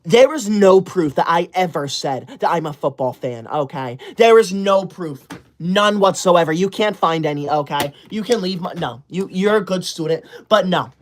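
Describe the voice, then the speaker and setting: A livestreamer reading viewer super chats in an over-the-top teacher's-pet persona, bossy and indignant, quick to scold viewers and kick them out. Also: mid-range voice, animated, slight background noise. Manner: prim, rule-enforcing and self-important.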